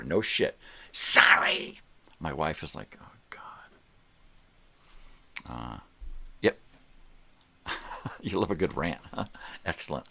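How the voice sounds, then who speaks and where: A man's voice: sits low, fairly bright tone. An older man hosting a morning livestream from home, ranting heatedly with lots of swearing and mocking impressions of other people. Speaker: host. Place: home room with a fan running.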